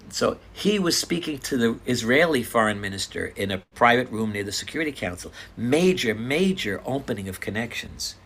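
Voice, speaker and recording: An older man earnestly retelling his own encounters in a casual, animated storytelling style. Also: on the low side, husky. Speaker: speaker sharing personal stories.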